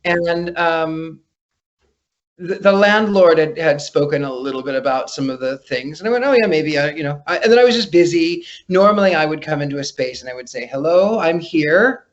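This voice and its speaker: Speaking over a remote call, a man appears as a guest psychic in a casual interview, a chatty storyteller who keeps restarting his sentences. His voice is fairly high and brisk, with lo-fi sound.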